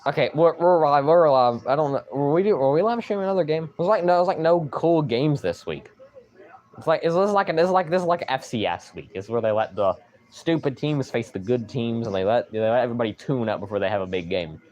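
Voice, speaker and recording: A young man streaming live, rambling excitedly and with mild swearing as he reacts to a football game. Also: medium pitch, fast talker, lo-fi sound.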